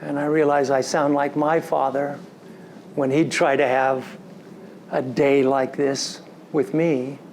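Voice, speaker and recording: A man giving a storytelling lecture to an audience, recounting a personal story in an animated way and slipping into quoted dialogue. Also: mid-range voice, slow, slight background noise. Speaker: story coach.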